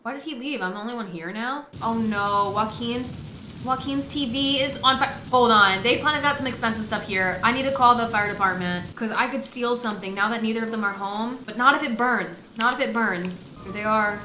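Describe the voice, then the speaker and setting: A chatty, excitable woman narrates her gameplay, swearing freely and calling out to the characters. Her voice is bright and sits a little high. The room around her is echoey, with faint game music underneath. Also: brisk, slight background noise. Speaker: gaming host. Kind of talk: casual gameplay commentary.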